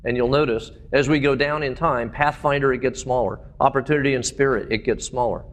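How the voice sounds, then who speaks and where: Man, public talk, mid-range pitch, enthusiastic, storytelling, uhs and ums. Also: steady tone, brisk. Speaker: presenter.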